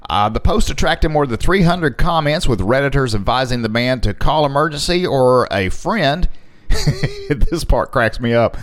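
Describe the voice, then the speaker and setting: A man's voice: medium pitch, animated, normal speed, a bit bright. A man co-hosting a casual chat show, reading quirky news stories and joking as he goes. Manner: jokey, laughs often, reads quotes in a mock Australian accent. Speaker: podcast co-host.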